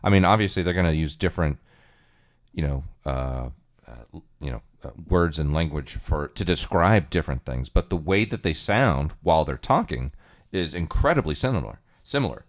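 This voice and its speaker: Deep-voiced man musing on a livestream. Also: expressive, normal speed. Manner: musing, rambling, thinking aloud. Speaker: livestream host. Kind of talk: casual livestream chat.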